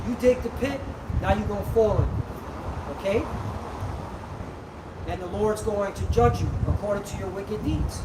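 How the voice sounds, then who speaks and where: A man street preaching outdoors in a forceful, scolding way, checking in with "okay?" and "all right?" as he goes. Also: sits high, normal speed, pauses often. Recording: roomy outdoor recording, heavy street noise from a distance. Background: traffic and street ambience.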